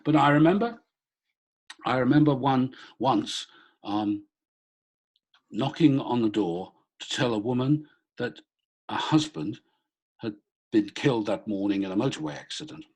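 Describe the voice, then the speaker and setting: Husky man telling a story. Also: medium pitch, animated, unhurried, pauses often, darkish tone. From Britain. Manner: hesitant, many restarts and ums. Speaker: guest speaker, former police officer. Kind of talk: storytelling over a video call. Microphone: laptop on a video call.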